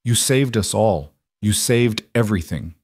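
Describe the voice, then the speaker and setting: A man voicing a weakened rancher husband who speaks softly and wryly in a storybook. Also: on the low side, expressive, measured pace, breathy edge, no echo, studio quality, full character voice. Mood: grateful. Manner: soft, wry.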